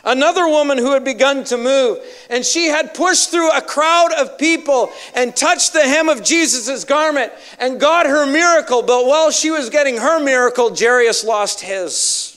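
A man's voice: very high-pitched, moderate pace, hardly any pauses, fairly bright tone. A male evangelist preaching a sermon with emphatic, dramatic storytelling.

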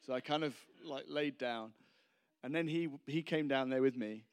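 A man's voice: medium pitch, normal speed, clean tone. A man preaching a casual, humorous sermon, rambling and self-deprecating between anecdotes.

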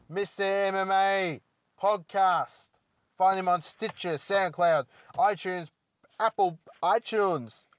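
A man's voice: on the high side, dry recording. Rambling, joking man on a podcast. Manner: rambling, joking, self-deprecating. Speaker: podcast host. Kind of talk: solo podcast monologue. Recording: dull lo-fi dry recording.

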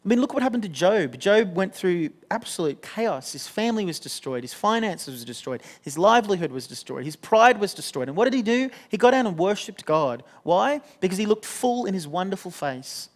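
A man's voice: high-pitched, sing-song, brisk, few pauses. A young man giving a sermon in an earnest, conversational way, often restarting his sentences. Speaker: pastor.

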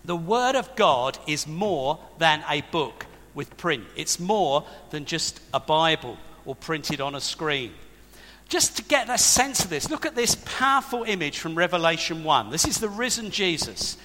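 A man's voice: a little high, sing-song, unhurried, sharp tone. A man preaching a sermon to a congregation, emphatic and conversational, with asides to the people in front of him. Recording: long reverb of a large hall.

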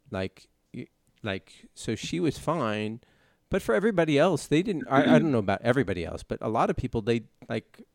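A man in casual podcast chat, talking haltingly with frequent restarts. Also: medium pitch, dry recording, studio quality.

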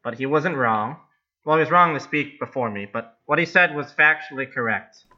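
A man's voice: mid-range voice, normal speed, bright, forceful tone, highs cut off. A man playing a tabletop game in a dry, self-important way.

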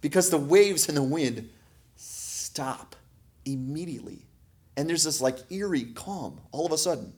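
Male pastor, husky tone, preaching with swings from soft asides to loud emphasis. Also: fairly high pitch, animated, a little slow. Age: adult parent. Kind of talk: sermon.

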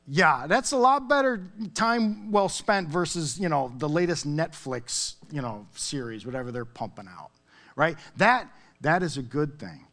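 A man's voice: on the high side, moderate pace. A man preaching a sermon in a conversational way, often checking in with "okay?" and "all right?". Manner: conversational, animated, with frequent "okay?" asides. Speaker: pastor.

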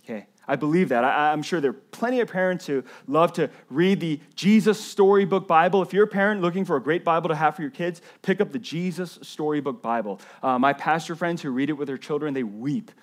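Speaking a little fast and a little high, with hardly any pauses, a young man delivers a sermon as a pastor. His preaching is earnest and chatty, and he keeps checking in with the congregation by tossing in "right?"

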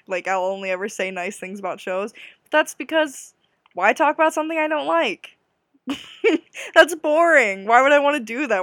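A woman's voice: medium pitch, vocal fry, a bit bright, dry recording, clean studio sound. A young woman hosting a casual solo podcast, gushing and giggly with self-deprecating asides. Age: young adult. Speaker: podcast host.

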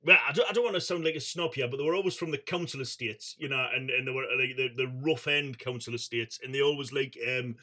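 A man's voice: medium pitch, fast talker, hardly any pauses, bright, forceful tone. A middle-aged man, hosting a call-in radio show and rambling in a chatty, sweary way. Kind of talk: casual call-in chat.

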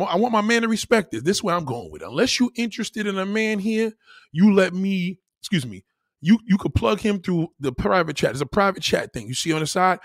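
Husky, animated man ranting on stream. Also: on the high side, no echo, clean studio sound. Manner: loud, animated, profane, reacting to viewer comments. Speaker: livestream host. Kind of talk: heated livestream rant.

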